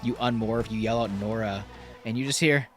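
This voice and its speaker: A man's voice: lowish voice, flat delivery, normal speed, no echo, faint music behind. A man narrating as game master of a tabletop game, casual with filler and swearing.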